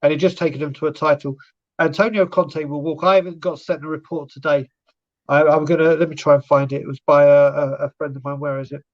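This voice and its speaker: A man's voice: a little high, steady tone, fast, highs cut off. A man co-hosting a live football fan stream, ranting sarcastically and swearing.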